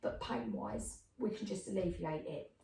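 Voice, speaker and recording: A middle-aged woman, chatting as a podcast guest and telling lively stories in which she acts out other people's voices. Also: on the low side, moderate pace, a little hiss or hum. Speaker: podcast guest, clairvoyant medium. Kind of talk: casual storytelling chat. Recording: roomy, distant mic.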